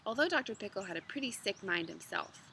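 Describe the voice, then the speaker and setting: A woman in her thirties reading a children's book aloud outdoors, chatty and relaxed between passages. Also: mid-range voice, fast, vocal fry, slight background noise. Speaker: storybook reader. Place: outdoors in a yard with dogs.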